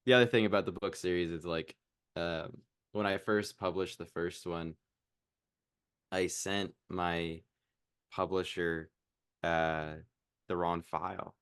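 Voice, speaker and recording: Low-voiced young man, rambling and self-mocking. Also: steady tone, takes it slowly, pauses often, fairly bright tone, smooth, dry recording, studio quality. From Iowa. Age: 20s. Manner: rambling, filler-heavy, laughs at himself. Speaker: podcast guest. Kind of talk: casual interview chat.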